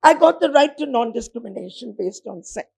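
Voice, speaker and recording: A woman speaks from the podium in a high, clear voice. She delivers her points with rhetorical weight and slows down on the words that matter. It sounds like a formal address to an audience of lawyers. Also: lively intonation, darkish tone. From India, born in Bombay. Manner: emphatic, rhetorical, pauses on key words. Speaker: speaker at a legal lecture event. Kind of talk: formal public speech.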